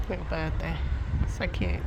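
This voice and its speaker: Here the same kind of casual vlog narration comes in a low voice over a very noisy background. She's a chatty, self-deprecating Englishwoman speaking to her camera as she walks around and later settles in a busy café.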